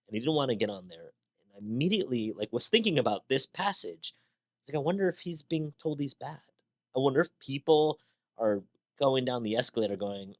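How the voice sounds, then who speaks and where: A man hosting a podcast, talking through ideas in a conversational monologue with rhetorical questions and a personal story. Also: fairly low pitch. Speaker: podcast host. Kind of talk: reflective monologue.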